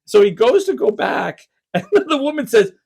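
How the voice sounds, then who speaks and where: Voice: moderate pace, vocal fry, breathy edge. A podcast host telling a family story in casual chat, laughing often and acting out others' lines with sudden shifts. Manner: animated, acts out family members' lines with big pitch jumps; laughs often mid-story, stammers and restarts.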